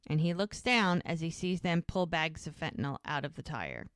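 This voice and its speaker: A woman's voice: fairly low pitch, fairly quick, clear, resonant tone, no echo, clean studio sound. A woman co-hosting a podcast, recapping a TV episode in casual chat and acting out the characters' lines. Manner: retells scenes acting out the lines in lively voices. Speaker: podcast co-host.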